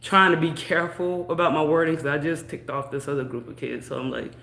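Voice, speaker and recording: A young woman casually telling a personal story in a chatty, drawn-out way, peppered with "you know". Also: low voice, steady tone, creaky, a bit bright. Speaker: vlogger. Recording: echoey room.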